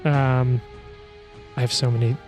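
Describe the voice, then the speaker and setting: A man running a tabletop game as game master, calling attacks and damage in a quick, auctioneer-like play-by-play. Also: medium pitch, level tone, a little mellow, faint music behind.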